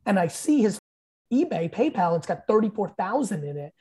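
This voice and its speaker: A man in his fifties appears as a podcast guest, telling stories emphatically in casual chat, swearing freely and acting out quotes. His husky, slightly breathy voice is high-pitched yet mellow and dark in tone, sing-song, at a moderate pace.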